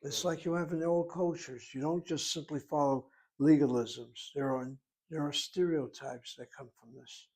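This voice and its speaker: A man's voice: fairly high pitch, steady tone, moderate pace, a little mellow. Patient male Hebrew teacher lecturing. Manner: patient, explains with asides and rhetorical questions. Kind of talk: explanatory lecture.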